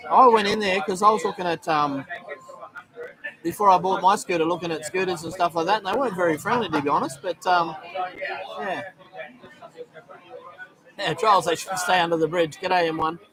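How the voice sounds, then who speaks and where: Aussie bloke livestreaming from a busy bar, highish voice, lots of ums, crowd chatter all round. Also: male voice, normal speed, long pauses. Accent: Australian. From Australia. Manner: relaxed, chatty, many ums, greets viewers by name. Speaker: live-stream host. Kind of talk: casual live-stream chat reading comments. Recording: noisy bar crowd behind.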